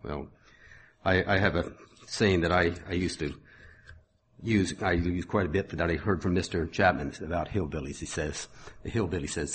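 A man's voice: low-pitched, moderate pace, slight background noise. A middle-aged man preaching a sermon, reading scripture with rising force and breaking into folksy asides.

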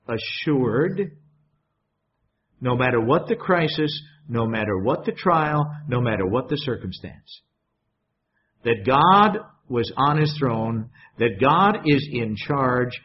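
A man preaching a sermon in a conversational way, often putting questions to the congregation. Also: mid-range voice. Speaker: pastor. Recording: dull lo-fi sound.

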